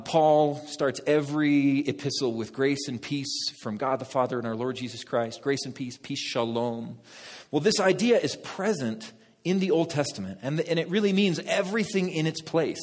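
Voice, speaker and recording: A male pastor preaching a sermon, lively, talking directly to the congregation. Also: on the high side. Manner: lively, talks to the congregation, laughs at own jokes. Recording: long reverb of a hall.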